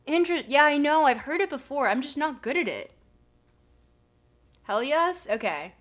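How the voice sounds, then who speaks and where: A woman's voice: sits high, sing-song, normal speed, a bit bright. A woman streamer chatting casually with her viewers, rambling and giggling with lots of fillers. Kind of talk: casual livestream chat.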